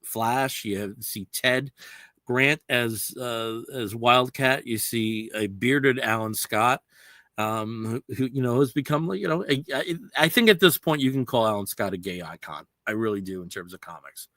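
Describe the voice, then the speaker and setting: Guy hosting a comics podcast, bright forceful voice, dry close sound, rambles with lots of you knows. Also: medium pitch, measured pace, no room sound. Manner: rambling, many "you know" fillers, explains comics at length. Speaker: podcast host. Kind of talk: casual chat.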